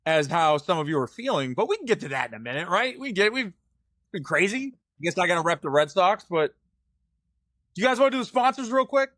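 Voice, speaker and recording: Playful Boston podcast host. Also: male voice, high voice, big pitch swings, a little fast, a bit bright, no room sound, studio quality. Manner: playful, teasing, announcer-like sponsor reads. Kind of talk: casual podcast chat.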